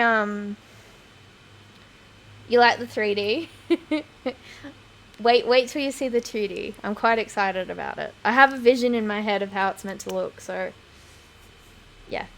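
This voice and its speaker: A woman streamer chatting casually over gameplay, laughing often and swearing freely, on a home desk microphone. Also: medium pitch.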